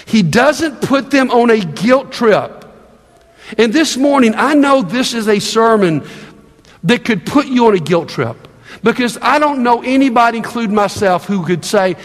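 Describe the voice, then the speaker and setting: Male pastor, lively sermon, high voice, long hall reverb. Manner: conversational, emphatic preaching with repetitions.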